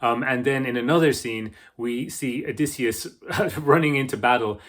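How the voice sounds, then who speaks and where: Man, from Britain, book vlogger, casual commentary, chatty, excitable, mid-pitched. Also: moderate pace. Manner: chatty and excitable, many "like"s and restarts. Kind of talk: casual video-essay commentary.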